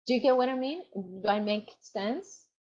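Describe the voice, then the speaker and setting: A woman teaching a lecture on exam preparation, explaining slowly and checking whether her students follow along. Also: on the high side, animated, darkish tone. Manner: explanatory, asks the class questions. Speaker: teacher trainer. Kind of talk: online lecture. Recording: dull lo-fi recording.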